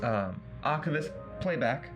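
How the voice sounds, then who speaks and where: A man's voice: medium pitch, animated, unhurried, over music. A man in a tabletop game, speaking for his character and describing what she does, with many fillers. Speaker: tabletop player.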